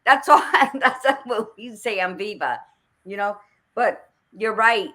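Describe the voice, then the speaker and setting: A woman hosting a casual podcast conversation, blunt and animated, swearing freely while she tells stories. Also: medium pitch, slow pace. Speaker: podcast host.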